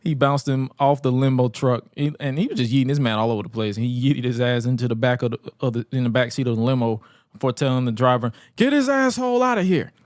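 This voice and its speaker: A man co-hosting a podcast, recapping old wrestling episodes in a casual, animated way, laughing often and acting out quotes. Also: medium pitch, fast, no room sound, clean studio sound. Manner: animated, acts out quotes in exaggerated voices. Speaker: podcast co-host.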